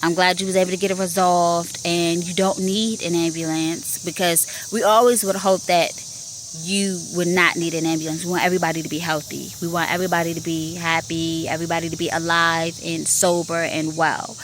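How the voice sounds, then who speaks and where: A woman's voice: lowish voice, flat delivery, a little fast, slight background noise. A woman hosting a podcast, talking in a casual monologue about her work as a 911 telecommunicator, emphatic and repeating herself as she makes her point.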